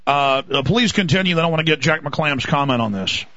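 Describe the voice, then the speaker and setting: Male talk radio host, high bright voice, halting delivery, dull dry broadcast sound. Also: lively intonation, dry recording.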